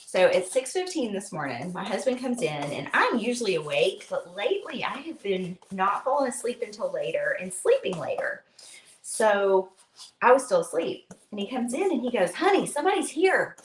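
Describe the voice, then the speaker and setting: A woman hosts a casual live craft stream, chatting freely and rambling through stories with plenty of fillers. Her voice sits at an average pitch. The room sounds echoey, with faint noise behind her. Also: very animated, moderate pace.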